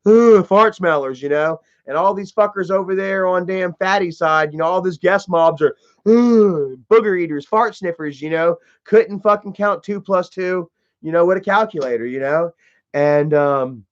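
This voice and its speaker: A man hosting a livestream, talking in a casual, profane and mocking way and saying "you know" a lot. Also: high-pitched. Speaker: livestream host. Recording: dull lo-fi stream audio.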